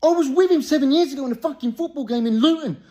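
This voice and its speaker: A comedian doing an angry, swearing impression of an English public figure, with an English accent, ranting and barking "huh?" between lines. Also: male voice, very high voice, rapid-fire, dark tone.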